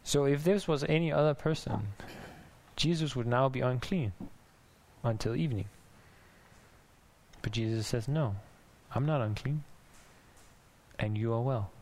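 A man preaching a sermon in a conversational, musing way, restarting thoughts and now and then laughing softly. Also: medium pitch, measured pace, long pauses. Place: church in Denmark.

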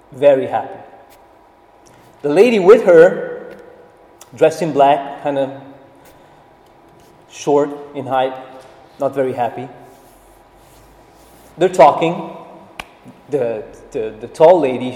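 A man preaching a sermon, telling a story slowly and deliberately, rising to emphatic swells. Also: on the high side, lively intonation, mellow. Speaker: pastor. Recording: echoey hall, voice from a distance.

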